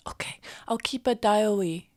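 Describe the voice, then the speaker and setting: A woman voicing an eager, scheming young boy in whispered role-play, speaking in a hushed, earnest whisper. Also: mid-range voice, moderate pace, no echo, close to an everyday voice. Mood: hushed excitement.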